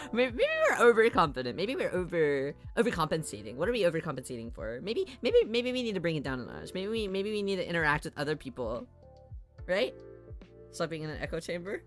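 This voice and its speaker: A woman's voice: fairly low pitch, sing-song, a little fast, soft background music. A woman streamer chatting casually and rambling, laughing often between thoughts. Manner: rambling, giggly, mock voices. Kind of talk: casual live-stream chat.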